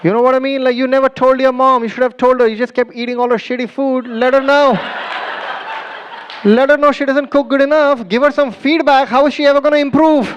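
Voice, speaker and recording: A man with a high-pitched voice performs stand-up on a live stage, chatting with the crowd and teasing them as he acts out quoted lines. The recording is dull and low-fidelity, with a faint hiss underneath. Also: fairly even intonation, fairly quick. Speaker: stand-up comedian. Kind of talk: stand-up comedy set. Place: live comedy stage with an audience.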